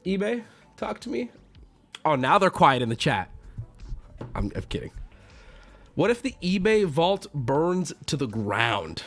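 A man streaming casually and answering his chat, excitable, swearing freely and jumping into loud outbursts. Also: mid-range voice, a little slow, pauses often, faint music behind. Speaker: streamer opening card packs.

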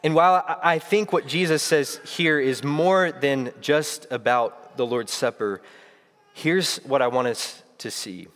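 A man's voice: mid-range voice, measured pace, a bit bright. A young man preaching a sermon to his church, earnest and reflective, often restarting his phrases. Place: church sanctuary. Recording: long reverb of a church hall.

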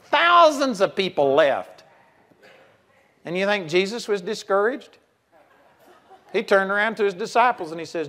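High-voiced folksy preacher. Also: male voice, unhurried, pauses often. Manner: folksy and animated, swinging between loud and soft. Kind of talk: sermon.

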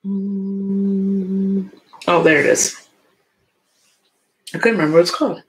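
A woman's voice: medium pitch, steady tone, slow pace. A young woman, casually chatting with viewers on a livestream, sleepy and yawning often. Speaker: livestream host.

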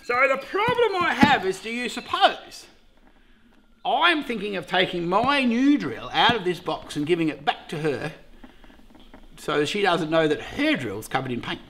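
A middle-aged Australian man with a high, bright voice hosts a casual vlog. He jokes around, gets excited easily and swears without a second thought. His pitch swings up and down a lot as he talks. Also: measured pace. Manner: jokey, excitable, swears freely. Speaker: beekeeper host.

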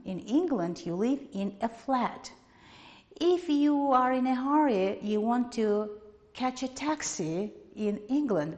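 Lively woman teacher with Azerbaijani accent. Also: on the high side. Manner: lively, emphatic, repeats words for students. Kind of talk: televised classroom lesson. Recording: long hall reverb.

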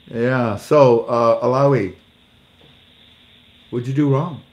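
A man's voice: medium pitch, takes it slowly, pauses often, darkish tone. A man reading news articles aloud and mocking them with sarcastic jokes and acted-out exchanges. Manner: sarcastic, jokey, acts out little dialogues; laughs at his own jokes. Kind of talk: casual commentary.

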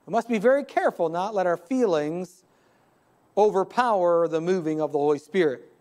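A man's voice: sits high, normal speed, a little mellow. A man, the pastor, preaching a live church sermon, building emphasis and retelling scripture scenes in quoted voices. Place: church sanctuary.

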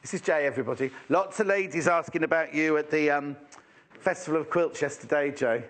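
A man's voice: on the high side, fairly quick, fairly bright tone. A man presenting a live shopping channel in a chatty, teasing way, full of exclamations.

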